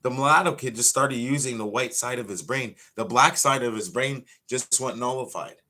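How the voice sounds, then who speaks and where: A man's voice: mid-range voice, moderate pace, bright, forceful tone. A man, a pro wrestler ranting bluntly and profanely on a casual livestream.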